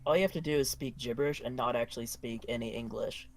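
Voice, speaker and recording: Man, tabletop player, gravelly voice, teasing and joking. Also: mid-range voice, quick pace, a crowd in the background. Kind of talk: casual chat at a game table.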